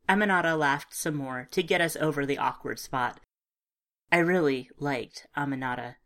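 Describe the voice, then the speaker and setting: Low-voiced woman narrating a story. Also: normal speed, a bit bright. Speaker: audiobook narrator. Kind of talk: first-person story narration.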